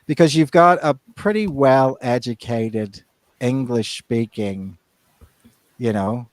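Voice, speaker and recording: A man's voice: mid-range voice, slow, dry recording. A man co-hosting a podcast in casual chat, rambling with many restarts and fillers. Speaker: podcast co-host.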